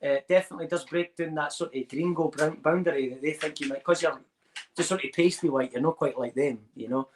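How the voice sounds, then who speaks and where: A man's voice: on the high side, brisk, a little hiss or hum, rough recording. Chatty Scottish man telling tales. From Scotland. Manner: rambling anecdotal storytelling with Scots slang. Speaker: guest. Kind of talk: casual chat.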